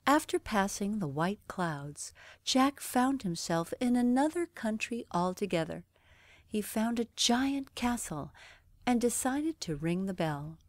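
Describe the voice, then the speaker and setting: A woman reading a bedtime story aloud, gentle and even. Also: mid-range voice, unhurried, no room sound. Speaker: narrator.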